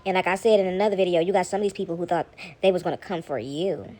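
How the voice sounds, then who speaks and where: Speaking at a racing clip in a lowish, mellow voice, a woman vlogger gives offhand spiritual commentary from her home, sitting back amid laundry. She rambles, circles back to the same points, and drops into mocking voices.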